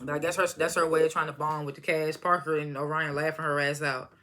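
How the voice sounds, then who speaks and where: Bright, laughing woman recapping reality TV. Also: deep voice, level tone, quick pace. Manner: laughs often while retelling scenes; loose slangy storytelling, acts out quotes. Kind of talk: casual episode recap.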